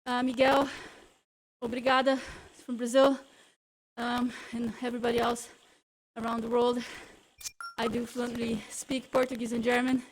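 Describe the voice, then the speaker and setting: A woman's voice: fairly high pitch, little pitch movement, moderate pace, low-quality recording. A woman coaching a live indoor cycling workout, out of breath, encouraging riders and cueing them through intervals.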